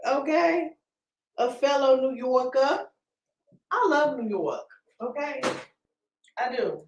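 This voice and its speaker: A woman's voice: sits high, very animated, takes it slowly, muffled recording, a little hiss or hum. A woman from Texas with a Texan accent hosting a casual livestream from home, chatting and greeting viewers by name with playful slang. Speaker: livestream host.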